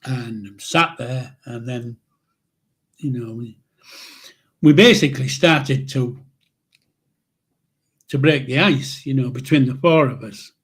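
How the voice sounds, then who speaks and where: A man, telling old memories in a rambling, halting way with chuckles. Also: mid-range voice, a bit bright, slightly rough. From England. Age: 70s. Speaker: channel host, grandfather. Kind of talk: casual spoken memoir storytelling.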